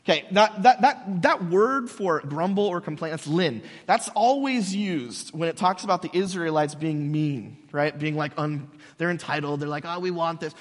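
A man preaching a casual, animated sermon, telling stories conversationally. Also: on the high side, normal speed, few pauses. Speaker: pastor. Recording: long hall reverb.

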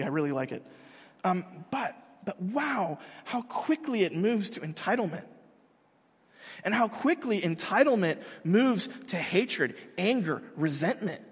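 A man's voice: sits high, slightly rough. A man in his thirties, a pastor giving a sermon in a large hall, talking in a casual, self-mocking, conversational way.

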